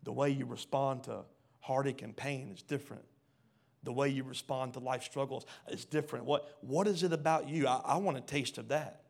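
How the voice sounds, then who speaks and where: A man preaching a sermon, reading scripture aloud and questioning the congregation, swinging from hushed lines to loud ones. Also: mid-range voice, normal speed, creaky. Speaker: pastor.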